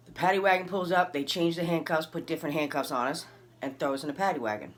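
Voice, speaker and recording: A woman's voice: moderate pace, long pauses. A woman tells a personal story in a casual, chatty way. She acts out each person in it, and her voice jumps up sharply when she quotes them. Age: adult, recalls early twenties and has a son. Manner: animated, acts out dialogue with big pitch jumps. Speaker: vlogger telling a personal story.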